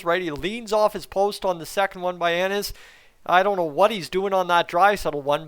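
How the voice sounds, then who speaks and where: A middle-aged man hosting a hockey post-game review, talking in excitable, sarcastic, animated rants. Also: high-pitched, smooth. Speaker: hockey vlogger.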